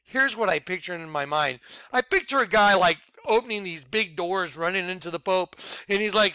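A man giving an excitable, rambling personal testimony about his ministry, bursting into shouts. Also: high voice, normal speed, smooth, no room sound. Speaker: ministry leader.

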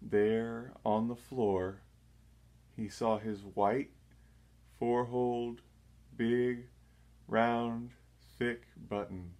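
A man reading a children's story aloud, gentle and measured. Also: mid-range voice, steady tone. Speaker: storybook reader. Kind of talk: children's read-aloud narration.

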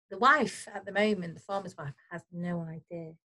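A woman teacher reading a storybook aloud to children, expressive and gentle, pausing to explain the story. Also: on the low side, background noise. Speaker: primary school teacher.

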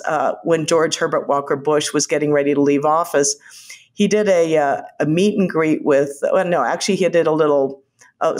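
Older woman guest, storyteller, lively anecdotes with quick quoted voices. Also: sits low. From United States. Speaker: guest, former White House physician. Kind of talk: conversational storytelling.

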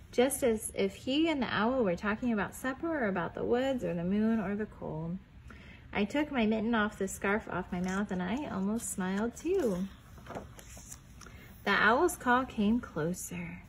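A woman's voice: mid-range voice, a little hiss or hum, rough recording. Woman reading a picture book aloud. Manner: gentle storytelling that pauses to ask the children questions; drops to a soft whisper on quiet lines. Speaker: children's librarian reading aloud.

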